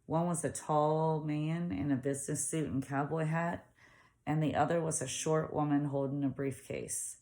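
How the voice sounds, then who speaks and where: A woman narrating a novel aloud in a steady storytelling manner. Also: deep voice, moderate pace. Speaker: audiobook reader. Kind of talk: audiobook narration.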